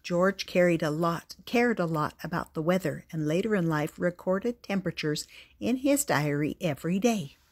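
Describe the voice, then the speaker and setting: An older woman reading a children's picture book aloud, gentle and deliberate, with little asides to the listener. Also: fairly low pitch, lively intonation. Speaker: storyteller.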